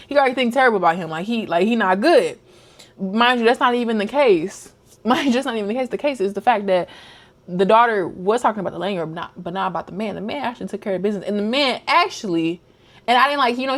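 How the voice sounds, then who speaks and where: A young woman vlogger chatting casually, retelling a book's plot and acting out the characters' lines. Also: fairly high pitch. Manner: animated storytelling, acts out characters' lines. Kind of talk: casual chat recapping a book.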